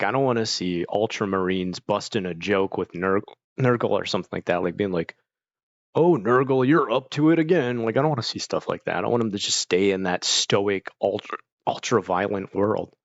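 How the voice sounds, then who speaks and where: A man's voice: lowish voice, no room sound, dull audio. A man chatting casually with his stream viewers, rambling with lots of fillers while fighting off hiccups. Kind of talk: casual chat.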